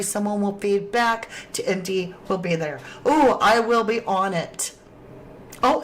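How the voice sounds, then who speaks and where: A woman hosting a true crime livestream, reading viewer chat aloud in a casual, affectionate way. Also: mid-range voice. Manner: affectionate, calls viewers sweetheart and lovelies.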